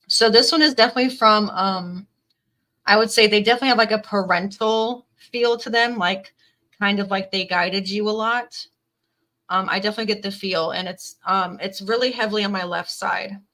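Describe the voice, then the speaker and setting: A woman's voice: medium pitch, pushed and bright, poor audio. A woman giving an earnest, emotional tarot reading to camera, reading card messages aloud and filling her talk with "definitely" and "like". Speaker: tarot reader.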